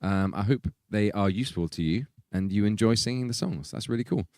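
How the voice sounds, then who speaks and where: A man's voice: fairly low pitch, fairly quick, a little mellow, dry recording, studio quality. A man hosting a stream, reading donations aloud in giggly casual chat. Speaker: band member hosting a stream.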